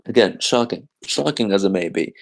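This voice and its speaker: A man's voice: deep voice, lively intonation, normal speed, creaky, low-quality recording. A man co-hosting a podcast, rambling through a comedic movie recap and acting out the quotes in silly voices. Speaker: podcast co-host.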